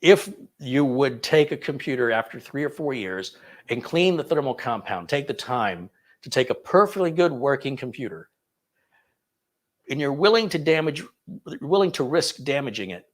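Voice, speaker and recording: Hosting a relaxed live question-and-answer session on computers, this tech channel host responds to viewers' questions. His medium-pitched voice is expressive and moves at a normal speed, and he wanders off on tangents, clearly entertained by his own remarks.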